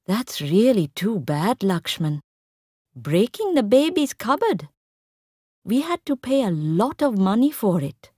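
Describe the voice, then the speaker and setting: A woman voicing a tall, composed stepmother who speaks in a cool, measured, quietly firm way in a read-aloud story. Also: mid-range voice, very animated, dry recording, clean studio sound.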